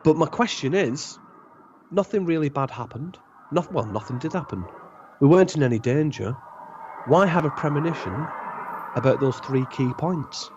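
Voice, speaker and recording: A man, a podcast guest, telling a long anecdote in a rambling, animated way and acting out the dialogue. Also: a little high, moderate pace, a little hiss or hum. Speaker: podcast guest, former club DJ. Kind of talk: casual storytelling. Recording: dull lo-fi podcast audio.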